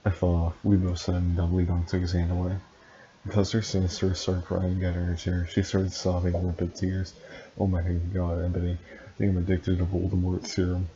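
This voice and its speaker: A man reading fan fiction aloud in a deadpan way, with dry asides and stumbles over words. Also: low-pitched, brisk. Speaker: reader and commentator. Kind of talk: comic read-aloud of fan fiction with commentary. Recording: dull lo-fi sound, faint hiss.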